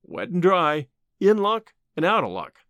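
A man voicing a rough, earnest gold-miner pleading for his partner, in a slow, halting frontier dialect. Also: sits high, big pitch swings, a bit bright, no room sound, full character voice. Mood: earnest, apologetic.

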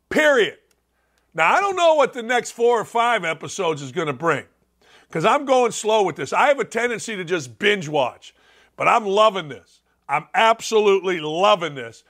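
A middle-aged man delivers a combative sports talk monologue in a high, bright voice. He rants loudly, mocks his critics and jumps up in pitch without warning. His tone stays sharp and forceful throughout. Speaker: sports radio host.

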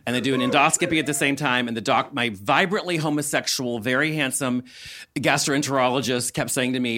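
A middle-aged comedian guest from the Southern United States delivers a stand-up rant, acting out other people's lines and swearing freely. He speaks at a quick pace in a medium-pitched voice, with a crowd audible behind him.

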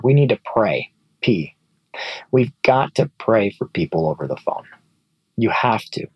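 A pastor in his thirties speaks in an earnest, encouraging teaching tone. His voice is gravelly and slightly husky, sitting at an average pitch, and the recording is dry and close. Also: darkish tone, dry recording, poor audio. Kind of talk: ministry teaching talk.

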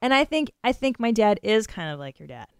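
Gravelly, blunt woman in casual chat. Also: mid-range voice, sing-song, fairly quick, no echo, studio quality. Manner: candid and blunt, swears freely. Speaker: podcast co-host.

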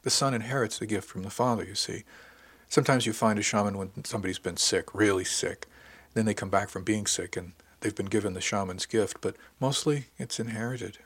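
A man voicing a shy, earnest young woman in an audiobook, speaking softly and hesitantly. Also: lowish voice, fairly quick, husky, no echo. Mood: quiet. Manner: soft, hesitant.

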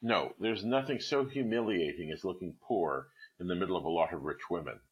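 A man's voice: low-pitched, a little fast, lo-fi sound, lightly acted. A man voicing a vain, discontented young wife in a storybook reading, speaking with petulant self-pity. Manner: petulant, self-pitying complaint.

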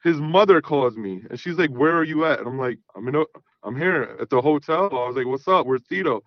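A man in his thirties phones in to a call-in show and spins a long, casual story, rambling and leaning on fillers like "you know what I mean." His mid-range voice is expressive and a little fast. The recording is lo-fi with no echo.

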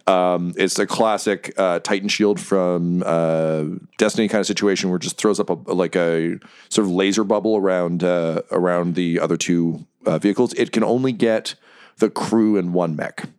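Game master: male, lowish voice, loose and profane, lots of ums. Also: steady tone, moderate pace, a little mellow, clear, resonant tone. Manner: loose, profane, laughing narration. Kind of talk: narrating a tabletop game.

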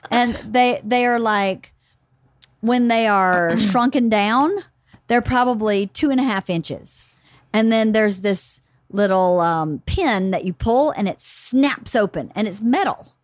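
A woman hosting a podcast, telling a story in a casual, animated way and laughing often. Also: mid-range voice, takes it slowly, no room sound, clean studio sound. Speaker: podcast host.

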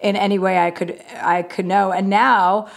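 A woman's voice: medium pitch, flat delivery, moderate pace, gravelly. A woman comedian talking candidly as an interview guest, self-mocking and frank, with many "like" and "you know" fillers.

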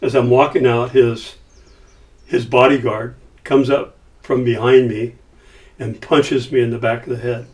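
An older man telling a story as a guest, with lively acting-out of the dialogue he quotes. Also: mid-range voice, measured pace, long pauses, far from the mic. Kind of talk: casual storytelling.

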